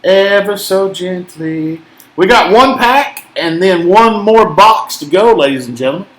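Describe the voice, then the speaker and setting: A Tennessee man with a mild Southern accent hosts a casual card-break chat, joking as he calls out each card. His high-pitched, expressive voice is a bit bright and moves at normal speed, recorded in an echoey room.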